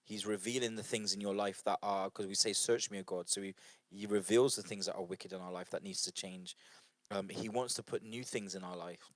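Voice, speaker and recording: A man's voice: on the low side, steady tone, fairly quick, no echo. A man leading a church book study group in an informal devotional talk. He sounds earnest and conversational, with fillers and repeated phrases.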